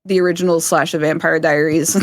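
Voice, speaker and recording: A woman's voice: deep voice, level tone, fairly quick, dry recording, clean studio sound. A woman from South Florida, streaming live and chatting casually, laughing often and swearing freely. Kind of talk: casual chat.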